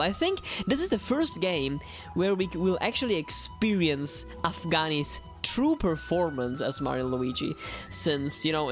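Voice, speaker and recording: Young woman, gaming streamer, lively swinging pitch, low-ish voice, chatty with viewers. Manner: animated, chatty, addresses viewers directly. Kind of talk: live stream commentary.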